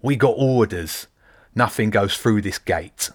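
A brutish rat mercenary who sneers at everyone, as a male narrator puts him on. His gruff, menacing voice is pushed louder and a bit higher than the reader's own. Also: a little slow, no echo, studio quality.

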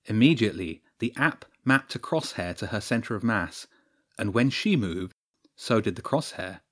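A man narrating a story in a steady storytelling voice. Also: on the low side, normal speed. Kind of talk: scripted narration.

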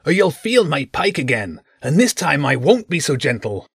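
A man's voice: fairly high pitch, very animated, normal speed, creaky, husky, dry recording, studio quality, voice pushed up, exaggerated voice. A man voicing a bold male rat warrior who carries a pike and makes threats. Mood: threatening. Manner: threatening, forceful.

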